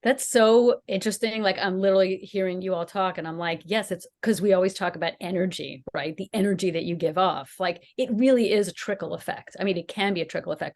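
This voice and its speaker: A woman's voice: mid-range voice, fast, hardly any pauses, a little mellow. A woman co-hosting a podcast, telling a personal story in casual chat and acting out the quotes with animation. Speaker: podcast co-host.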